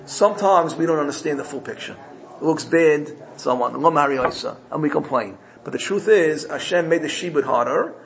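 A man teaches a Torah sermon, telling his parable in an animated way and often stopping to correct himself. His voice sits a little high with a gravelly, creaky texture. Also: brisk, poor audio. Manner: animated storytelling, frequent self-corrections.

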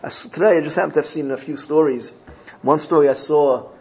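A man's voice: a little high, fairly quick, darkish tone, poor audio. A man teaching a Torah class, explaining Hebrew verses in English and mixing in Yiddish terms as he tells a story.

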